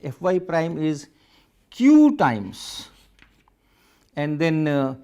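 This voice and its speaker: A man's voice: on the high side, big pitch swings, drawn-out words, dark tone, smooth. A man giving a physics lecture, working through equations step by step and repeating phrases as he writes. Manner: repeats phrases while writing, methodical.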